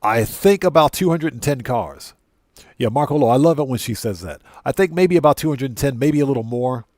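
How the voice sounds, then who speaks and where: A man's voice: mid-range voice, a little fast, no echo, studio quality. Chatty man streaming a game. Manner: relaxed, chatty, greets viewers by name; repeats himself and corrects himself often. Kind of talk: casual livestream chat.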